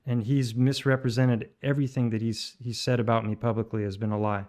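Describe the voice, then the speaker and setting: A man's voice: mid-range voice, little pitch movement, brisk, a little mellow. A man hosting his own channel, talking through a dispute with plenty of fillers and false starts. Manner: rambling, many fillers and restarts. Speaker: channel host. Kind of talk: commentary on played voice messages.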